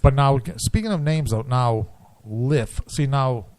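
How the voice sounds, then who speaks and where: A man co-hosting a casual radio show in a studio, tossing out quick jokes and teasing questions. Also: mid-range voice, darkish tone.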